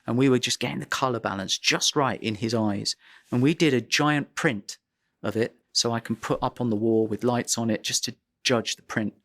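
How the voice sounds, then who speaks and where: A man, a photographer being interviewed, telling a personal anecdote in a vivid, dramatic way with pauses for effect. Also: mid-range voice, a bit bright, no echo, clean studio sound.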